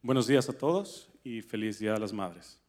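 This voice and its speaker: A man standing on a church stage, speaking in a mellow, dark voice. He keeps his greetings short and calm, pausing with small hesitant fillers. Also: lowish voice. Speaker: guest on stage.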